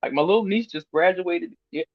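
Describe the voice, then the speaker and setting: A woman in her fifties chatting casually to her viewers on a livestream, animated and laughing often as she reads their comments. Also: fairly low pitch, fairly quick, husky, no echo. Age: 50s. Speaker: vlogger reading viewer comments. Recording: dry, slightly muffled lo-fi sound.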